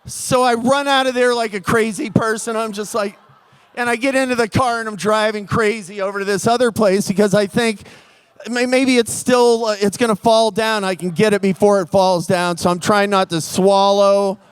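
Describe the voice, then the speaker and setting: A man telling a true comic story live on stage, animated and acting out the scenes. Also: high-pitched, normal speed, clear, resonant tone, dry recording.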